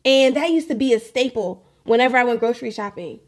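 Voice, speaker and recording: A young adult woman hosts a faith podcast, speaking candidly in a casual monologue. Her voice is fairly high and expressive, she talks fast, and she often repeats phrases and laughs.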